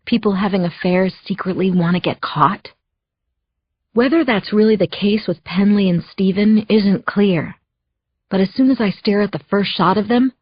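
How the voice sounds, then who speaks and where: A woman's voice: medium pitch, normal speed, husky, dry recording, muffled recording. A woman narrating a first-person thriller audiobook in a tense, anxious storytelling manner.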